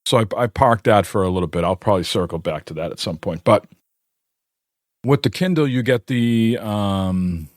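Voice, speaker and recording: A man's voice: on the low side, normal speed, dry recording, studio quality. Rambling man telling stories on a podcast. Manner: rambling storyteller, many fillers. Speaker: podcast co-host. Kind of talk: casual chat.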